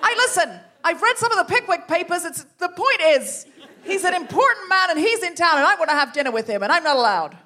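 A woman's voice: very high-pitched, expressive, quick pace, sharp tone, a faint crowd, voice pushed up, full character voice. A woman improvising a passionate 1860s female journalist who rallies her friends on stage in a comedy show. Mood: indignant rousing. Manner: indignant, rousing, speechifying. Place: theatre stage before a live audience.

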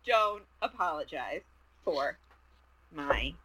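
A woman's voice: low-pitched, expressive, slow pace, crowd noise, low-quality recording. A woman co-hosting a casual podcast over a remote call, gushing and self-mocking about her enthusiasms. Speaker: podcast co-host.

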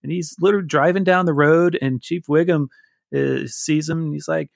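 A man's voice: a little high, fairly even intonation, moderate pace, vocal fry, no room sound, studio quality. A man in his forties, a guest who tells a rambling, candid, self-deprecating story in casual conversation.

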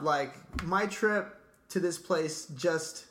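A man's voice: a little high, a little fast, a bit bright, a little hiss or hum. A man casually telling a long story in a podcast chat, laid-back and profane, dropping "dude" and "like" constantly.

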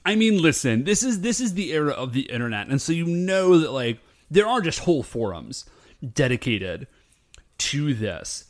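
A man co-hosting a podcast, talking in a rambling, animated way with lots of fillers. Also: on the high side, normal speed. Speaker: podcast co-host. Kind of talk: casual chat.

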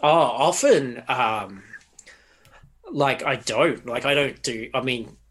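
A man's voice: medium pitch, lively intonation, slow, a bit bright, slightly rough. Reflective man rambling through fillers. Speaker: tabletop game master, interview guest. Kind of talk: casual interview chat.

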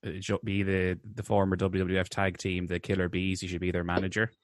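A man co-hosting a casual film review chat, animated and laughing often, with stammering restarts. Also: sits low, a little fast, no echo, clean studio sound. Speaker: podcast co-host.

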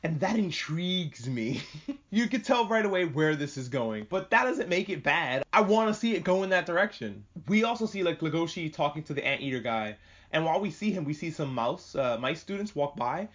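Animated swearing man recapping anime. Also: fairly high pitch, muffled recording. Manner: animated, swearing, quick asides and mock voices. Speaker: podcast host.

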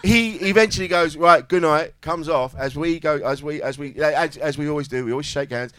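A man's voice: a little high, fairly quick, fairly bright tone, smooth, no room sound. A man, a comedian on a live panel, telling a blunt, sweary gig story.

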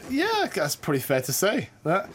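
A man's voice: high-pitched, wildly swooping pitch, moderate pace, slight background noise. A man co-hosting a casual cricket podcast, joking and laughing often. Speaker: podcast co-host.

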